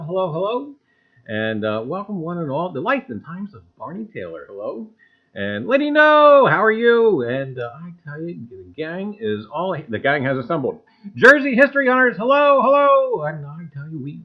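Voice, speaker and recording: A man with a high, animated voice greets his livestream viewers one by one in a folksy, repetitive patter. He jumps between loud hellos and quiet muttered asides. The sound is dull and lo-fi. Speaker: livestream host.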